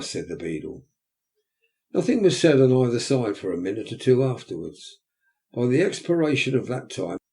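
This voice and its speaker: A man with a low, gravelly voice narrates a classic novel as an audiobook, telling the story in a measured, expressive way.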